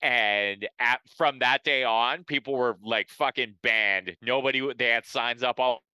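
A man's voice: mid-range voice, unhurried, pushed and bright, clean tone, dry recording. A man co-hosting a casual comedy podcast, swearing freely and riffing through stories with amused, rambling energy. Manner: profane, rambling, amused storytelling. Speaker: podcast co-host.

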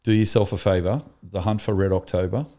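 A man co-hosting a relaxed podcast conversation. His voice sits very low and sounds mellow and warm, and he talks with eager enthusiasm. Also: fairly quick. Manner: enthusiastic, animated storytelling. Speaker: podcast co-host. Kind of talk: casual chat.

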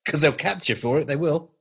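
A man's voice: on the high side, normal speed, vocal fry, fairly bright tone, slightly rough. A man co-hosting a podcast, chatting casually in a jokey, playful, mock-grand way. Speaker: podcast co-host. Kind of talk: casual chat.

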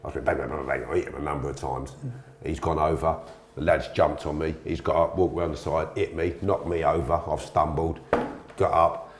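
A man's voice: extremely low pitch, steady tone, normal speed, a little hiss or hum. Blunt, slangy man, roomy sound. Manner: blunt, slangy, swears freely. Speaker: interview guest. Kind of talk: storytelling in conversation. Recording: roomy echo.

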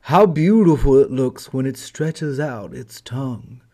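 A man's voice: medium pitch, expressive, unhurried, mellow. A man voicing a wistful male snowman who longs for a stove. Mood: enraptured. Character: longing, melting male snowman.

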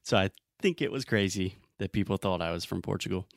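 Male English teacher, mild Southern twang, lowish voice, dry close sound, explains by acting out examples. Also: brisk, vocal fry, no room sound. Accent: mild Southern American. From Southern United States. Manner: explanatory, acts out example lines. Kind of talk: podcast conversation lesson.

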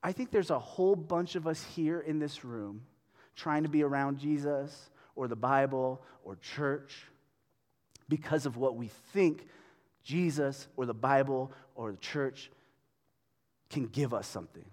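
A man's voice: mid-range voice, measured pace, a little mellow. A man giving a sermon as a pastor in a conversational way, often checking in with the room. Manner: conversational, checks in with "right?" and "okay?". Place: church hall. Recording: long reverb of a hall.

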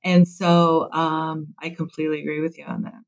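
A woman in her fifties from Chicago, a guest on an interview podcast, telling stories in a lively way and acting out the voices she quotes. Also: low voice, normal speed, poor audio. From Chicago, USA. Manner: lively storyteller who acts out quoted voices. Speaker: podcast guest, construction executive. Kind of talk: casual interview chat.

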